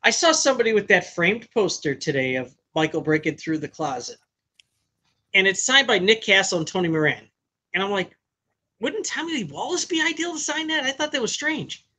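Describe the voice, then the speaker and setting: Male co-host, casual chat, lively pitch, trivia and jokes. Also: fairly quick. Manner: chatty, shares trivia and jokes.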